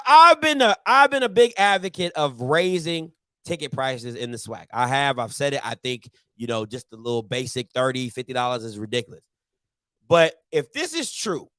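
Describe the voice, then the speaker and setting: A man's voice: a little high, fairly bright tone, no room sound. A male show host ranting animatedly in a casual morning-show talk, repeating his points and mocking others in put-on voices.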